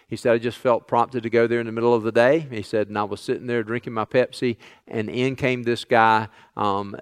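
A man's voice: mid-range voice, clean tone, dry recording. A man preaching a sermon, earnestly retelling stories in others' words. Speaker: pastor.

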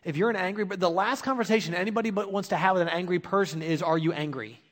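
A man in his thirties gives an earnest, confessional sermon, sharing a personal story and building to emphatic urging of his listeners. He talks fast in a high-pitched voice, and the recording carries a long hall reverb.

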